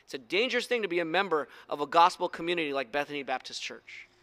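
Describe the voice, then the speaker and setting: In a church, a pastor preaches a sermon full of storytelling, making earnest, direct appeals to his listeners. He talks fast, and his voice is a little high, animated and sharp.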